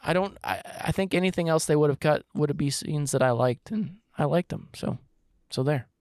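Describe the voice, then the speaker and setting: A man co-hosting a casual movie podcast, rambling and cracking quick jokes. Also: a little high, darkish tone, no room sound, studio quality. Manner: rambling, quick jokey asides. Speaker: podcast co-host. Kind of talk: casual chat.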